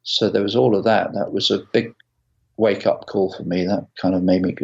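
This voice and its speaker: A man in his sixties, a guitarist as an interview guest, telling stories in a halting way with many restarts. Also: fairly low pitch, steady tone, gravelly, muffled recording. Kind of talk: casual interview storytelling.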